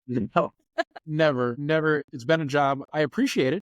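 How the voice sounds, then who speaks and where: A man, a news anchor, telling lively anecdotes as a podcast guest and acting out the people he quotes. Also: a little high, moderate pace, no echo, highs cut off. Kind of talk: casual interview storytelling. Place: lives in Florida.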